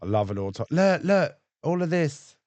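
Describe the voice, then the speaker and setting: Animated, sweary streamer. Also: male voice, a little high, moderate pace, no room sound. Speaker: livestream host reacting to clips. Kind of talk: casual chat.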